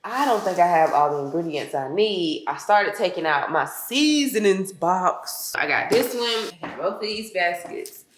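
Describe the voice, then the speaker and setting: Talking animatedly at normal speed with hardly any pauses, a just-woken young woman vlogs from her kitchen, cooking and unboxing things. Her voice is on the low side, the room echoes, there's a little hiss or hum, and she addresses viewers as "y'all" and "girl" with relaxed grammar.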